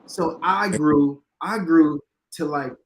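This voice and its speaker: A man's voice: a little high, slow pace, a little hiss or hum. A man in his thirties, a podcast co-host, talking in an emphatic way and repeating phrases for stress. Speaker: podcast co-host, former teammate. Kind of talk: casual chat.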